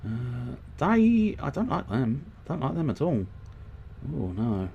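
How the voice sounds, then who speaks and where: A man's voice: medium pitch, sing-song, unhurried, vocal fry, a little mellow, lo-fi sound, a little hiss or hum. A man streaming a video game who rambles and swears as he thinks aloud while customizing his gear. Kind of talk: casual let's-play commentary.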